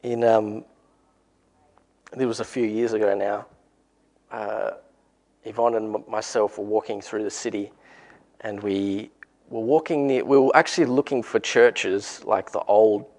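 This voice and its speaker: A man with an Australian accent preaching a relaxed, encouraging sermon and telling a story in a conversational way. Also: fairly low pitch, unhurried, pauses often.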